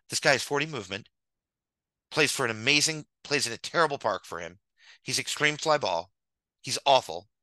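A man's voice: fairly low pitch, bright, forceful tone, dry recording, poor audio. A man hosting a show, ranting with theatrical mock anger over slides and repeating his points for emphasis. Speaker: host.

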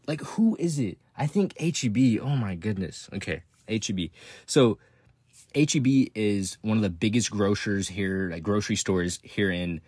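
Young male host, low husky voice, profane rambling rant that jumps into excited bursts. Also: no echo. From Texas. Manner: profane, rambling, laughs often, swings up into excited outbursts. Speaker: podcast host. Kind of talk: casual ranting monologue.

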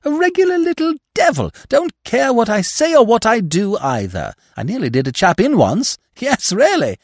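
A man's voice: very high-pitched, wildly swooping pitch, moderate pace, dry recording, voice pushed up, exaggerated voice. A cheeky young actress, chattering in slang and swooping up and down as she teases, as a man puts her on. The voice sits well above his usual register in a dry, close recording. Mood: chatty. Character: brash, lively young actress, cheeky and teasing. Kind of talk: audiobook character reading.

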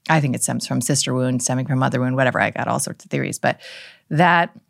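A woman's voice: extremely low pitch, quick pace, gravelly, dry recording, studio quality. A woman guest on a podcast interview, talking in a loose, reflective way, full of "like" and "right?", with casual swearing. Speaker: podcast guest, psychiatrist and author.

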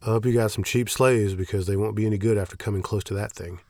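A man voicing an exhausted, frightened young male priest who talks in a weary, clipped way, with a gravelly voice. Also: lowish voice, steady tone, quick pace, a little mellow, no room sound, natural voice. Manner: weary, dread-filled, clipped.

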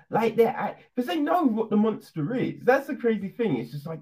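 A man's voice: sits high, sing-song, moderate pace, darkish tone. A man casually reviewing a film on his channel, laughing, swearing and throwing in lots of rhetorical asides. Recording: dull lo-fi recording.

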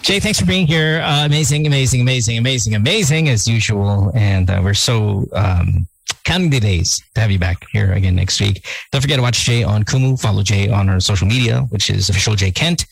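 A man's voice: on the low side, expressive, brisk, vocal fry, breathy edge, no room sound. A man hosting a casual chat, joking and stumbling over his words as he thanks his guest. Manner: joking, stammering restarts. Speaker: host.

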